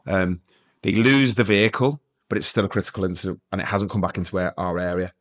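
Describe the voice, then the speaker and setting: Middle-aged man, ex-police sergeant guest, rapid low-voiced storyteller. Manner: lively anecdotal, acts out dialogue. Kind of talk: casual storytelling interview.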